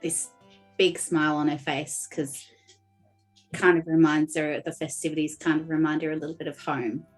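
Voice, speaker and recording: A woman's voice: deep voice, level tone, normal speed, breathy edge, soft background music. A woman playing in a tabletop game, describing her character in a chatty way with many fillers. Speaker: player.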